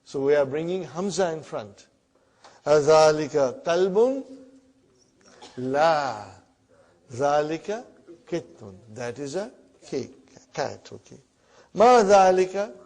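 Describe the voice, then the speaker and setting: A man teaching a classroom Arabic lesson in English, repeating words slowly and checking in with the students as he goes. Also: on the high side, expressive, a little mellow. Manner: repeats words slowly, often asks "huh?" and "brother".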